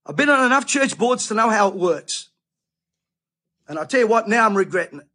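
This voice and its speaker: Middle-aged Aussie preacher, husky edge, fired-up ranting delivery. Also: male voice, high-pitched, expressive, fairly quick, bright, forceful tone. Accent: Australian. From Australia. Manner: indignant, ranting, emphatic. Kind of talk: impassioned monologue.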